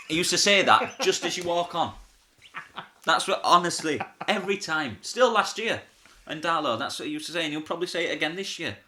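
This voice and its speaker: This man talks in a bright, forward voice. He tells backstage stories as a pantomime comic in a relaxed interview, chatty and quick to laugh, slipping into the voices of the people he quotes. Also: a little high. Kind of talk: casual storytelling interview.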